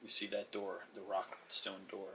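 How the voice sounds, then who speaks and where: Brief: male game master, casual and chuckling, low and very bright. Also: monotone, a little slow, slight background noise. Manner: casual, many fillers, chuckles often. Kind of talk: narrating a tabletop game.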